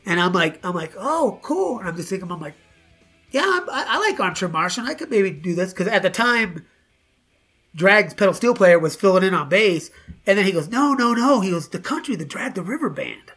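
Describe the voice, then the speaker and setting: High, bright-voiced man telling stories. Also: a little fast, husky, faint music behind. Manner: profane, animated, acts out quoted dialogue. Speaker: guest musician. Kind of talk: casual storytelling interview.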